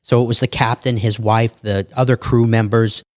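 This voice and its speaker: A man, a guest on a podcast, telling his life story in a lively way and acting out other people's lines. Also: medium pitch, no room sound, studio quality. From New York. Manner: animated, quick storytelling with acted quotes.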